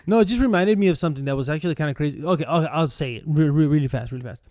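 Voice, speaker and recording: A man chatting loosely as a podcast co-host, his voice sitting a bit high for a man. He rambles through stories full of fillers and breaks into laughter often. The sound is close and dry, with almost no room around it. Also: quick pace, darkish tone, dry recording. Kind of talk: casual chat.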